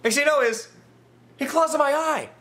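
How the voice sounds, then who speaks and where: A man vlogging comic personal stories in an animated, exaggerated way, dropping low and then bursting up high with excitement. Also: a little fast.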